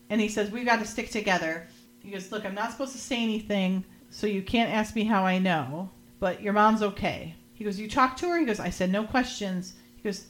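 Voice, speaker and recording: A woman hosting a podcast, casually recapping a TV episode and quoting the characters with light acting and frequent laughs. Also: medium pitch. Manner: quotes characters in lightly acted lines, laughs often. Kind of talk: casual chat, retelling scenes.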